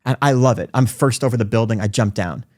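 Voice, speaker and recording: Brief: man in his 40s, podcast guest, rapid-fire anecdotes, dry close mic. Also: mid-range voice, no room sound. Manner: fast, animated storytelling. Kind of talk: podcast conversation. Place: recording studio.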